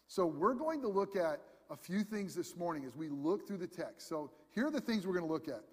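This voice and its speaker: A man preaching a sermon as pastor, animated, acting out voices in his storytelling. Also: high voice, fairly quick, hardly any pauses, breathy edge. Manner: animated, acts out prophet and God in voices. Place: church sanctuary. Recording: long reverb in a large room.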